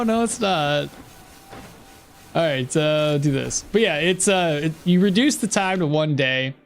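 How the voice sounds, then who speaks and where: A man with a high voice gives loose, joking commentary while he plays a game. He laughs often and wanders into rambling asides to his viewers, with faint game music underneath. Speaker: game streamer. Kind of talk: casual live gameplay commentary.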